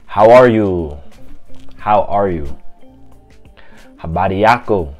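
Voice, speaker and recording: Deep-voiced male tutor, casual and unscripted, says each phrase over slowly, faint music underneath. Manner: repeats phrases slowly and clearly; relaxed, loose explaining with fillers. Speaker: language teacher. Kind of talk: casual language lesson.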